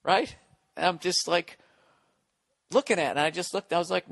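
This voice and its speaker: Male comic guest, bright forceful delivery, animated and foul-mouthed storytelling. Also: sits high, normal speed, vocal fry. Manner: animated, profane and blunt. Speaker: comedian guest on a podcast.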